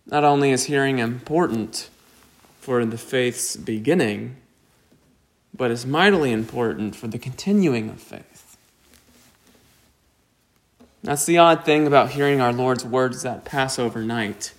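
A man preaching a sermon, slow and deliberate, with emphatic rises on key points. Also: medium pitch. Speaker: pastor.

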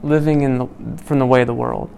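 A man leading a small Bible study group. He reads scripture aloud, then explains it in a loose, conversational way, asking "right?" often and pausing with "um.". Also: mid-range voice, steady tone, gravelly, a little mellow, a little hiss or hum. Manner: many "um"s and restarts while explaining.

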